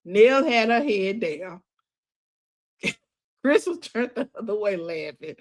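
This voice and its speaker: A woman talks through a reality show episode like she is catching up a friend. Her voice sits at an ordinary middle pitch. She is chatty and expressive, drops sassy asides and often laughs while she retells the scenes. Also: slow. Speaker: reality TV recap vlogger. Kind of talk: casual gossipy recap commentary.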